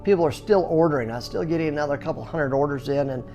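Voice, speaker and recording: A middle-aged man who owns a skateboard business, telling his story casually with lots of fillers and restarts, and animated sound effects. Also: on the high side, fast talker, highs cut off, faint music behind. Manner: chatty, full of "you know" fillers and restarts; animated, acts out sounds and reactions.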